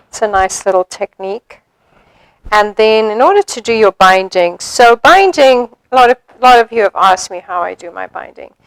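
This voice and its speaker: A woman demonstrating sewing steps in a chatty way, thinking aloud as she works and filling pauses with ums. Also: mid-range voice, gravelly, fairly bright tone, smooth, no room sound, rough recording. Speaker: sewing instructor.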